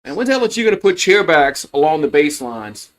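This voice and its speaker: A man's voice: a little high, very animated, fairly quick. A man giving casual, rambling play-by-play of a college baseball game on a livestream, full of fillers and restarts. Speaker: fan play-by-play host.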